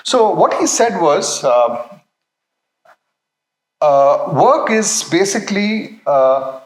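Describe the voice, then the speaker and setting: A man giving a Christian talk about work, speaking haltingly and often checking in with his listeners. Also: high-pitched, big pitch swings, echoey room, rough recording. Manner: halting, many fillers and restarts, checks in with "okay". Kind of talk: faith talk with anecdote.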